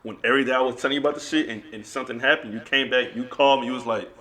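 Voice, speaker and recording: Guy on a podcast, bright sharp voice, gets excited telling stories. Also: mid-range voice, racing, a little hiss or hum. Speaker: podcast co-host. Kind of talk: casual chat.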